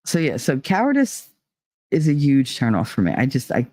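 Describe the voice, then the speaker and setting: A woman's voice: a bass voice, huge pitch swings, normal speed, dark tone, no echo. Blunt, swearing woman chatting solo. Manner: blunt, opinionated, swears freely, laughs often. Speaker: podcast host. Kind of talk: casual solo chat.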